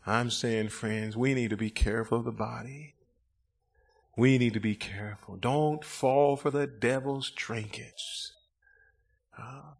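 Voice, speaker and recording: A middle-aged man preaching a revival sermon in a church, swinging between fervent shouts and hushed, gentle pleading during an altar call. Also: mid-range voice, steady tone, slow pace, vocal fry, breathy edge. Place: church sanctuary.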